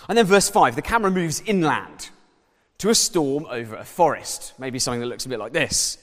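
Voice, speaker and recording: A man preaching a sermon with an animated, swooping delivery and a fairly high voice. He talks in a casual, conversational way. His voice rings out with a long reverb, as in a church hall. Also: moderate pace. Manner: lively, conversational, uses props and slides.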